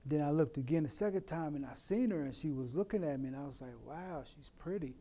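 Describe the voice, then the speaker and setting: A middle-aged man from Oakland, telling a personal story in a plain, unhurried way with many "you know" asides. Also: fairly high pitch, dark tone. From Oakland, California. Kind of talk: personal story told to camera. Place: in prison.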